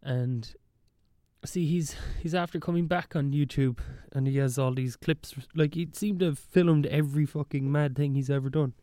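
A man's voice: on the high side, fairly even intonation, normal speed, dark tone, no echo, clean studio sound. A young man talking casually on his own, rambling and wry, often restarting his sentences. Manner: rambling, wry, self-interrupting. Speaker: podcast host. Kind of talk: casual solo monologue.

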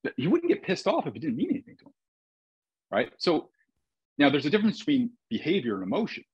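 A man's voice: a little high, wildly swooping pitch, quick pace, breathy edge, no echo, muffled recording. A man who coaches baseball, telling stories in a casual, reflective conversation with frequent restarts.

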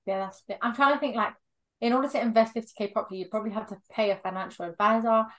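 A woman's voice: a little high, racing, fairly bright tone. A young woman co-hosting a casual chat podcast, giggly and casual, using loose slang. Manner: giggly, casual slang, tired by the end of the week. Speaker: podcast co-host.

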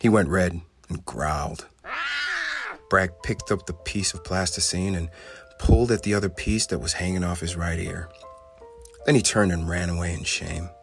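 Deep voiced guy reading a kids story, expressive, soft music behind. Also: moderate pace, vocal fry.

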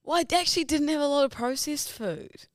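A woman's voice: high-pitched, animated, a little fast, no room sound, studio quality. A drunk woman co-hosting a comedy podcast, giggly and rambling. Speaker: podcast co-host. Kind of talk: casual comedy chat.

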